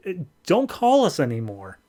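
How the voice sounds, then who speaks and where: A man's voice: fairly high pitch, huge pitch swings, moderate pace, dark tone. A man voicing an exasperated, fed-up father who brushes someone off. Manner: exasperated, dismissive.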